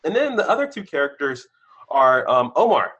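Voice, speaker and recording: A man, a guest on a podcast, telling candid stories about his career, his voice shooting up when excited and dropping low when reflective. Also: normal speed, husky, lo-fi sound. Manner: animated storyteller, bursts of excitement, then drops low. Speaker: podcast guest, senior engineer. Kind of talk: candid conversational interview.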